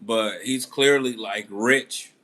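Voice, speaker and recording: A man's voice: fairly low pitch, takes it slowly, pushed and bright. A man hosting a boxing channel, telling a story in casual commentary with a laid-back manner, acting out quotes now and then.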